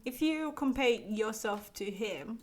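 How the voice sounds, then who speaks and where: A woman's voice: on the high side, lively intonation, slow pace. A woman, hosting a casual podcast chat in a playful, teasing, encouraging way. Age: 20s. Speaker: podcast host.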